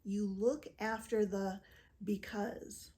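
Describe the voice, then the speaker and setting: A woman presenting a scripted educational talk to camera, explaining clearly and measuredly, now and then voicing example quotes. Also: medium pitch, flat delivery, takes it slowly, warm tone. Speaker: physician and narcissistic abuse educator.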